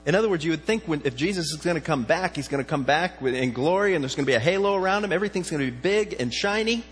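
A man's voice: fairly high pitch, expressive, racing, a bit bright. A man preaching a sermon, talking in a conversational way and often asking his listeners questions. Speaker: pastor. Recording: reverberant hall with faint mains hum.

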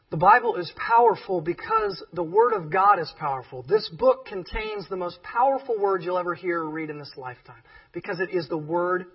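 A male pastor preaching with emphatic, joking energy. His voice sits high and swings widely in pitch, with a husky edge. The recording sounds dull and distant, as if captured away from the mic. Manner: emphatic, animated, with joking asides. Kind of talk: sermon.

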